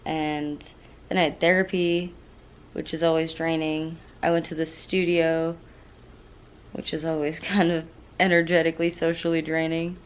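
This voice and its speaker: A woman's voice: low-pitched, little pitch movement, moderate pace, smooth, rough recording. Candid woman in her thirties. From California. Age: 30s. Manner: candid, rambling, self-deprecating with frequent fillers. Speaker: vlogger. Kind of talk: casual diary vlog. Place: at home and in a car.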